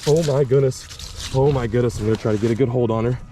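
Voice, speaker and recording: A young man filming an excited ice-fishing vlog outdoors on a frozen lake, repeating his exclamations as he lands a fish. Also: mid-range voice, fast talker, a little hiss or hum. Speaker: fishing vlogger.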